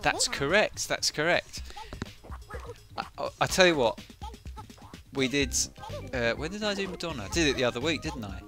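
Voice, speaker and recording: A man's voice: on the high side, sing-song, moderate pace, bright, forceful tone. Rambling man streaming a game. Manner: rambling, self-mocking, bursts into silly voices. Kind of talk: casual live commentary. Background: game music.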